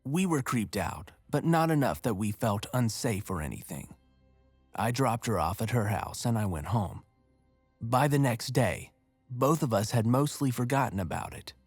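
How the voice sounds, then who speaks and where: A man narrating a first-person horror story in a measured, steady way. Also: fairly low pitch, no echo. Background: faint music.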